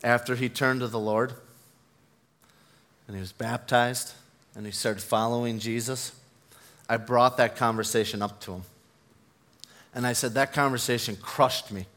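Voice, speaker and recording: A man's voice: mid-range voice, fairly even intonation, measured pace, long pauses, fairly bright tone. A man preaching a sermon, earnest and building to fervent emphasis, mixing in personal stories. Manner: tells personal stories with self-deprecating laughs.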